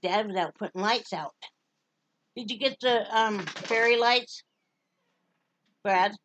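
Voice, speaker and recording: A woman's voice: a little high, takes it slowly, a bit bright, highs cut off, a little hiss or hum. A middle-aged woman from Wyoming chatting casually to her camera at home. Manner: chatty, baby-talks to her dog. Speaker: vlogger.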